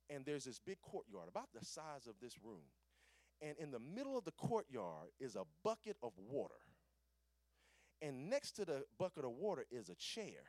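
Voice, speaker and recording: Male preacher, high gravelly voice, dry close sound, storytelling sermon with amen call-outs. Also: dry recording. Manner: animated, calls for amen, acts out quotes.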